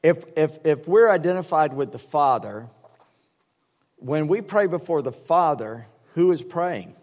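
A man's voice: on the high side, expressive, measured pace, a little mellow, long reverb tail. A man preaching a casual sermon, rambling through personal stories with many restarts and fillers. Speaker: pastor.

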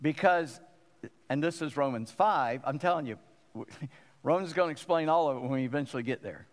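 A man's voice: on the high side, moderate pace. Man, pastor, sermon, emphatic, repetitive, long church reverb. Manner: emphatic, repeats phrases for stress.

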